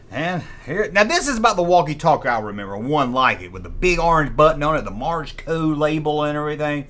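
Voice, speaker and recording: A man's voice: on the high side, very animated, normal speed, fairly bright tone. A man hosting a casual nostalgic toy review, blunt and wry in his judgments.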